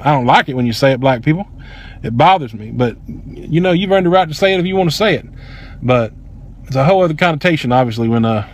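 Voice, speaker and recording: A man, angrily telling a personal story in a heated, profane, emphatic way. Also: mid-range voice. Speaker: vlogger.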